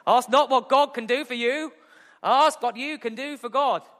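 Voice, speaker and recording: A man doing an impression of a 1960s American president, with a put-on Massachusetts accent and slow, grand cadence. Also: very high-pitched, fairly bright tone, in a large hall, voice pushed up. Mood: orating. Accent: Massachusetts, imitated.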